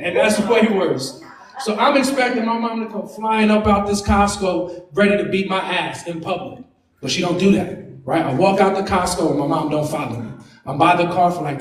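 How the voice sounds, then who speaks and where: A young man doing brash, animated stand-up storytelling, swearing freely. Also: high voice. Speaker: stand-up comic. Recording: roomy club sound from a distance. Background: laughing crowd.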